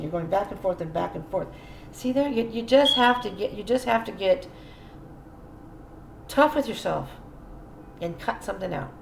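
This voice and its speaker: Chatty lady doing a tarot reading, talks right to you, bit of fry, echoey room. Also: mid-range voice. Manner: chatty, musing aloud, addresses viewer directly. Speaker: tarot reader. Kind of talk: casual spoken tarot reading. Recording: roomy echo, faint ambient noise.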